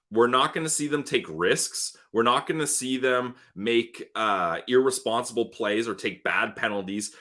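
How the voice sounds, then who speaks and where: A man co-hosting a live hockey podcast, talking in an excited, emphatic way. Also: medium pitch. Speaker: podcast co-host. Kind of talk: casual sports talk livestream.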